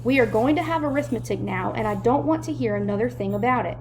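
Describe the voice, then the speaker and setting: A woman's voice: on the high side, expressive, fast, a little hiss or hum, close to an everyday voice. A woman reading aloud, voicing a strict female teacher with a firm, matter-of-fact manner. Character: strict, dry-witted female schoolteacher.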